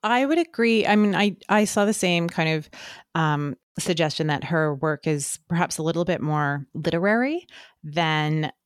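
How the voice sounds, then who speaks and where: A woman co-hosting a podcast, speaking thoughtfully and pausing often with fillers. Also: low voice, clear, resonant tone, dry recording, clean studio sound. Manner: thoughtful, hesitant with many fillers. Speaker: podcast co-host. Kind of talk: casual chat.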